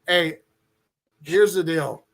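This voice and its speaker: A joking, brash man co-hosting a podcast. His voice runs notably high for a man. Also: takes it slowly, creaky, a bit bright. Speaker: podcast co-host. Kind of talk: casual podcast chat.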